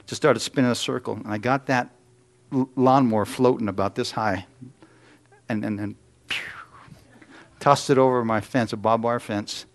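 A man's voice: medium pitch, fairly even intonation, normal speed, long pauses. Folksy male preacher telling stories. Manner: folksy storytelling, asks the congregation questions. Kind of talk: sermon with personal stories.

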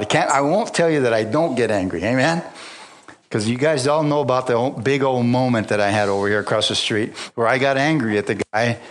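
A man preaching a sermon, mixing scripture with personal stories, frequent hallelujahs and call-outs to the congregation, and chuckling often. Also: mid-range voice. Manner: swings between loud exclamations and quiet asides. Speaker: pastor.

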